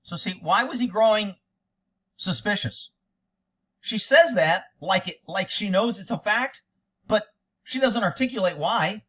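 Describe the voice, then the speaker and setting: A blunt, sarcastic man commenting on police footage as a cop would, with a bright, forceful edge to his voice. His voice sits a little high for a man, and he swears freely as he tears into what he hears. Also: animated, unhurried, long pauses. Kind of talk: reaction commentary.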